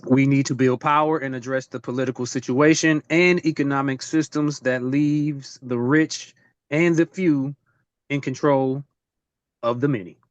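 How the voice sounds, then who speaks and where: A man's voice: medium pitch, fairly even intonation, unhurried, no echo. Man, emphatic, repeats points, dull dry call audio. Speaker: guest speaker in online session. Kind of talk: emphatic talk. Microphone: video call.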